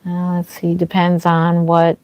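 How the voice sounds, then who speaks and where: In a fairly low, slightly mellow voice, a woman livestreams as a reborn doll artist from her home nursery, speaking a little slowly with a completely flat delivery. She chats with viewers and thanks them by name, using many fillers and sounding slightly dry-throated. The sound comes from a microphone she wears, with no room sound.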